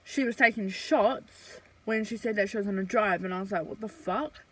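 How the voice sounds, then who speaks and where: A young woman vlogging a casual storytime, chatty and blunt, swearing freely and filling pauses with "um" and "like". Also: mid-range voice, steady tone, rough recording.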